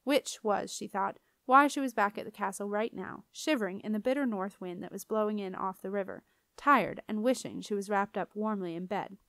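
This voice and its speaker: A woman narrating a children's fantasy audiobook. Her reading is even and expressive. The recording is dry and close, with no room sound. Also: medium pitch, moderate pace, gravelly, no echo. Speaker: audiobook reader. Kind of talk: storybook narration.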